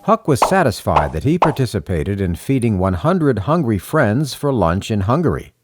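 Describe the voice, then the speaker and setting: A man who works as a broadcaster, reading practice sentences aloud with polished, measured diction. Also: lowish voice, very animated, over loud music.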